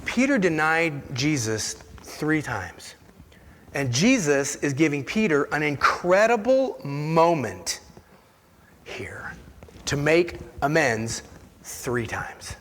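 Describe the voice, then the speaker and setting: A man preaching a sermon as a pastor, animated, acting out Bible scenes, swinging from loud outbursts down to whispers. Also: fairly high pitch, slow pace, in a large hall, slight background noise. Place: church sanctuary.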